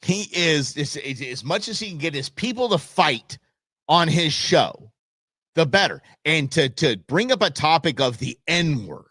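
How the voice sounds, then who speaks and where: A man hosting a live stream, reacting to a TV clip in a blunt, rambling way and often restarting his sentences. His pitch swings up and down a lot. The sound is dry and close, with no room echo. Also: animated, a little slow, bright, forceful tone.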